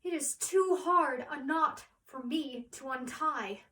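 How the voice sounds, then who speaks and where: A troubled young woman hiding in a man's disguise, as a woman acts her out, musing aloud in a Shakespeare monologue. The voice sits high and the pace is slow and deliberate. Every line is weighed with care. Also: bright, forceful tone, recorded from a distance, exaggerated voice. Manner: measured, musing verse delivery. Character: young woman disguised as a man, lovesick and torn.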